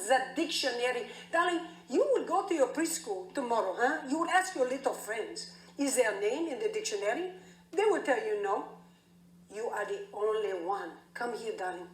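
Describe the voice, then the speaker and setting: A woman's voice: sits high, roomy sound, pitched above the performer's own voice, low-quality recording. A woman voicing an emotional, grandiose immigrant father, speaking theatrically. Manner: theatrical, doting, then blustering.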